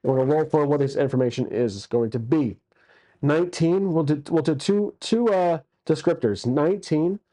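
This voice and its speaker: Mellow-voiced man narrating a solo tabletop game. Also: a little high, moderate pace. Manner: casual, crude jokes, many fillers.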